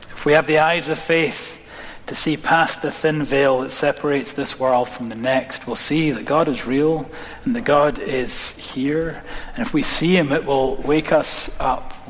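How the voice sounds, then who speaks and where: A man preaching a sermon, asking the congregation questions and dropping his voice slowly on key words. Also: medium pitch, fairly bright tone. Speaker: pastor. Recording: long hall reverb.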